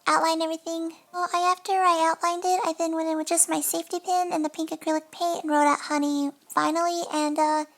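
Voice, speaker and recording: A woman's voice: very high voice, flat delivery, a little fast, hardly any pauses. A young woman in a casual, chatty voice-over, narrating her nail art at home and often apologizing between fillers. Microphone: desk mic.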